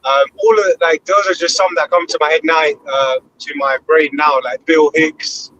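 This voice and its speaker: A man's voice: on the high side, normal speed, highs cut off, a little hiss or hum. A man in his thirties hosting a loose live discussion, swearing often and rambling with enthusiasm. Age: 30s. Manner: animated, heavy swearing, rambling. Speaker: host.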